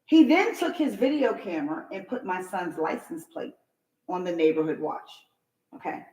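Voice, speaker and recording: A middle-aged New York woman appears as a guest on a talk show, telling a story emphatically and acting out other people's lines. Her voice is on the low side at a normal speed, and the low-quality recording is reverberant.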